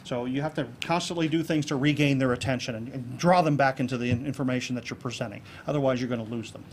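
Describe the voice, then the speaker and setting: A man giving a keynote speech to a club audience on presentation skills, lively and jokey, acting out examples. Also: mid-range voice, quick pace, a little hiss or hum. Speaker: keynote speaker. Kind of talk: public speaking talk on presentation skills. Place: club meeting room with an audience.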